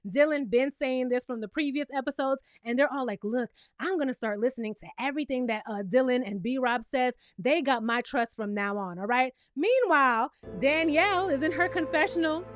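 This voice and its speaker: Woman, high voice, sassy recap reviewer, emphatic, talks to viewers, dry sound. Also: moderate pace, hardly any pauses, no room sound, faint music behind. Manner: acts out quotes in exaggerated voices. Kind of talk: casual reality-TV recap commentary.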